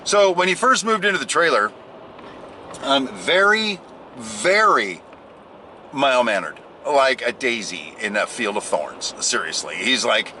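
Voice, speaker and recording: Lively, bright-voiced man rambling while driving. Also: mid-range voice, unhurried, a little hiss or hum. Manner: rambling, jokey, self-deprecating. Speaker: vlogger. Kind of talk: casual driving vlog monologue.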